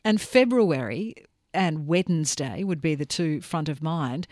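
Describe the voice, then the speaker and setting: An upbeat Australian woman hosts talkback radio, chatty and quick to chime in. Her voice is close on a studio mic. The sound is dry and tight, with no room echo. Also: low-pitched, animated, darkish tone. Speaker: radio host. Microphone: studio microphone.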